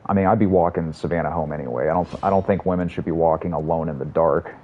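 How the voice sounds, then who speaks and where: Man streaming a game, low voice, rambling and swearing, slightly muffled audio, faint room hum. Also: fast talker. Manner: rambling, profane, storytelling. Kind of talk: casual chat while streaming a game.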